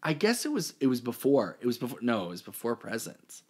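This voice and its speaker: A man's voice: medium pitch, huge pitch swings, fairly quick, breathy edge. Chatty man, interview guest. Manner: chatty, self-deprecating, trailing off. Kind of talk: casual interview.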